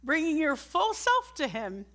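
A middle-aged woman with a somewhat high voice preaches a sermon at a church service. She talks in an earnest, conversational way and keeps putting direct questions to the congregation. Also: big pitch swings, measured pace, sharp tone.

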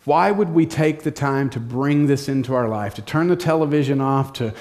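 A man's voice: mid-range voice, normal speed, darkish tone. A male pastor preaching a sermon in a direct, practical way, repeating short commands.

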